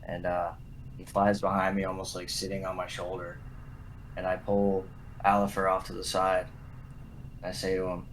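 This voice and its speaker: A man's voice: low-pitched, completely flat delivery, normal speed, pauses often, poor audio. A man playing a tabletop game, narrating his actions plainly and steadily. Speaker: player.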